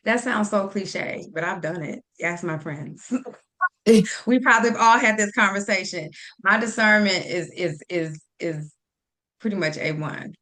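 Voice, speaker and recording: A woman guest on a faith talk show who speaks directly and acts out her pep talks with a friend in an animated way. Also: medium pitch, a little slow. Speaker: podcast guest.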